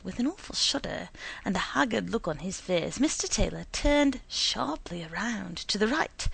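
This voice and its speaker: A woman narrating a story in an expressive, dramatic reading. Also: mid-range voice, moderate pace, gravelly, breathy edge, no echo.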